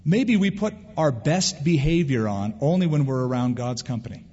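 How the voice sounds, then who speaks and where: A male pastor preaching a sermon in an animated way, acting out quoted voices. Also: medium pitch, normal speed. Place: church sanctuary. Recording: dull lo-fi sound with long hall reverb.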